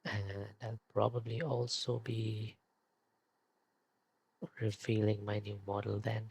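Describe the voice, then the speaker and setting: A young man streaming late at night, in a whispered role-play hush, quiet and hesitant with many fillers as he signs off. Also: fairly low pitch, flat delivery, slow pace, gravelly, slightly rough.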